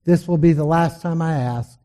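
A man preaching voices a stern male pastor who gives firm, measured warnings. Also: on the high side, dark tone, close to an everyday voice.

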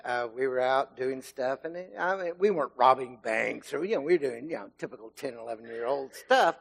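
A middle-aged man giving a sermon, telling a childhood story in a relaxed, conversational way with fillers, then reading scripture. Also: a little high. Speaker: lay preacher.

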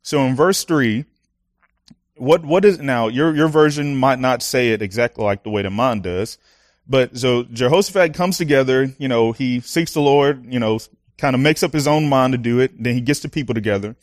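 A young man preaching a sermon, casual and animated, telling personal stories with lots of fillers and laughs. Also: mid-range voice, normal speed, no echo, studio quality.

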